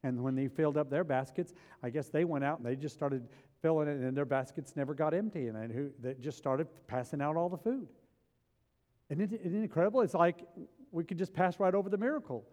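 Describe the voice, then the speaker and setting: A man's voice: a little high, fairly quick. Emphatic preacher man in a reverberant hall. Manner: emphatic, swings between loud excitement and hushed intensity. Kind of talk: sermon.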